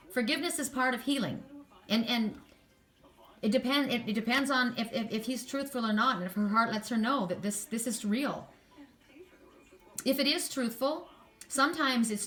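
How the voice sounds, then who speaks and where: A woman's voice: on the high side, expressive, moderate pace, fairly bright tone. Impassioned woman giving a tarot reading. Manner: impassioned, talks straight to viewers, repeats words. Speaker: tarot card reader. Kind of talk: spiritual card reading monologue.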